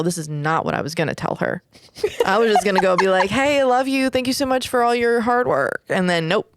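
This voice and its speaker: A woman's voice: mid-range voice, lively intonation, fast. A woman, telling a personal story in casual podcast chat, full of "like" and "whatever" and the odd swear. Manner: candid storytelling, frequent "like" and "whatever".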